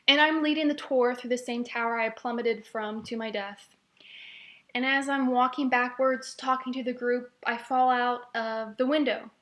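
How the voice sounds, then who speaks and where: A woman's voice: fairly high pitch, fairly bright tone. A woman casually retelling a dream in a rambling, wry way, with fillers and restarts. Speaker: storyteller recounting a dream. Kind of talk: casual spoken storytelling.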